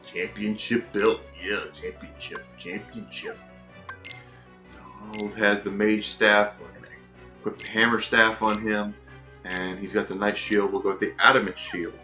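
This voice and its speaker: Brief: chatty male gaming host, bright voice, casual commentary with faint game music. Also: lowish voice, completely flat delivery, normal speed. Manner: chatty, reads and answers chat. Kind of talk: let's play commentary.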